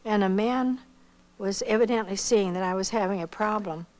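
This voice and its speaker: A woman's voice: mid-range voice, rough recording. Older woman telling a folksy personal story. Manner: unhurried, folksy, with pauses and soft hesitations. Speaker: missionary telling her life story.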